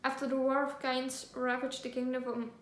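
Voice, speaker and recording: A woman's voice: sits high, flat delivery, moderate pace. Gushing young woman, echoey room. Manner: gushing, giggly, full of fillers. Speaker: book vlogger. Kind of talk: casual book haul chat with read-aloud synopses. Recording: echoey room, faint ambience.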